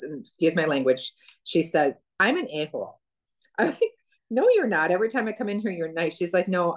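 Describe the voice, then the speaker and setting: A woman telling a client story in casual chat, acting out quotes with laughter. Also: sits low. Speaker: practitioner sharing a client story.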